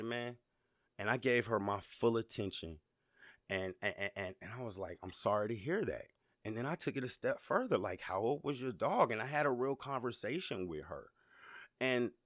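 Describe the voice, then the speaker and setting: A man's voice: mid-range voice, a bit bright, no room sound, clean studio sound. A man hosting a podcast, talking in a casual, emphatic motivational monologue and often repeating words as he builds up. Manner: conversational, emphatic, repeats words when worked up. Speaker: podcast host.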